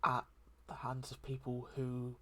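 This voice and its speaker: A host talking through a heartfelt solo chat in a soft, hesitant and reflective way, with many pauses and ums. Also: mid-range voice, completely flat delivery. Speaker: daily channel host.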